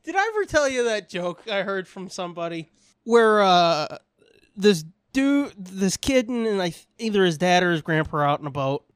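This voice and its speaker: A man's voice: high voice, big pitch swings, moderate pace, smooth, dry recording, studio quality. A man co-hosting a podcast in casual chat, swearing freely, rambling through stories and laughing often. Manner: profane, rambling, laughs a lot. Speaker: podcast co-host.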